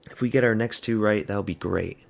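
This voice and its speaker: Hosting an MMA watch party stream, this fan speaks in a lowish, creaky voice at a brisk clip. He reacts live to the fight with blunt, offhand remarks that ramble casually.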